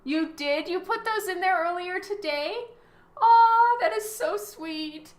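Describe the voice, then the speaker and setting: A woman with a very high-pitched voice speaks at a measured pace in a reverberant space. As a livestreaming artist, she chats casually with viewers while working, reacting to their messages with giggles and frequent laughter.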